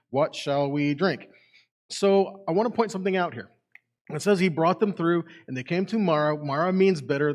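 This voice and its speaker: Lively man teaching scripture. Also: a little high. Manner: lively, rhetorical questions, reads scripture aloud. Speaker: teacher at a Messianic congregation. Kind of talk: Bible teaching. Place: congregation meeting room.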